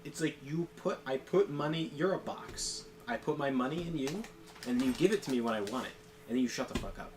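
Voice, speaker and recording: A man's voice: medium pitch, fairly quick, background noise. A man chatting casually during a game session, ranting in a profane, rambling way and often breaking into laughter. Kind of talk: casual chat. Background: game music.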